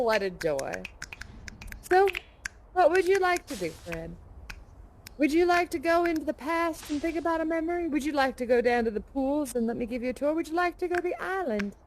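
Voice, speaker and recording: A plucky folksy 1930s aviator. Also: female voice, high-pitched, a little hiss or hum. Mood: cheerful. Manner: folksy, hearty, animated storyteller. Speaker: live actor in a virtual reality theater show. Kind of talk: interactive theatrical role-play with an audience.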